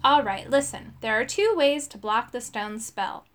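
A woman's voice: a little high, a little slow. A woman reading as a wise old swamp woman. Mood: advising. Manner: calm, advising.

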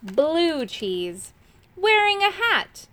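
Expressive woman reading a children's book. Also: very high-pitched, extremely slow, a little hiss or hum. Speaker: narrator.

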